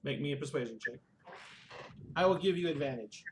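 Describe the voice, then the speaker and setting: A man running a tabletop game as dungeon master, narrating in a halting way with frequent restarts. His voice sits at an ordinary middle pitch. A faint hiss of noise sits under his voice. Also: lively intonation.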